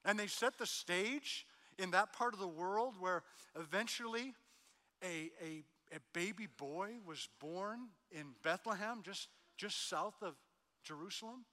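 Bright-voiced pastor preaching in a reverberant hall. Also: male voice, high voice, unhurried. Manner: storytelling, with soft quiet lines and loud emphatic peaks. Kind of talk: sermon.

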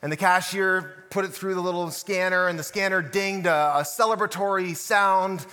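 Bright-voiced pastor preaching in a reverberant hall. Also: male voice, high voice, steady tone, normal speed. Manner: storytelling with rhetorical questions to listeners. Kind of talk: sermon podcast.

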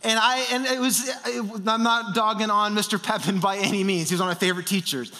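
A man's voice: high voice, steady tone, brisk, sharp tone. A man in his thirties preaching an earnest sermon, building emphasis through repeated phrases. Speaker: pastor.

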